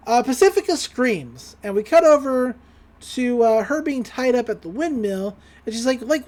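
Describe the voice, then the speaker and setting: A woman's voice: fairly high pitch, lively intonation, moderate pace, a little mellow. Chatty woman recapping a cartoon episode. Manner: chatty, full of fillers, acts out quotes. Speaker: podcast host.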